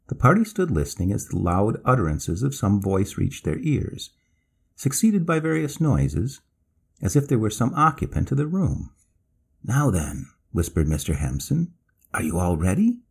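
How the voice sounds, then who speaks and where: A man narrating a classic ghost story, reading it with lively delivery and acting out the characters' lines. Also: low-pitched, creaky, slightly rough. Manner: lively, acts out quoted speech in narration.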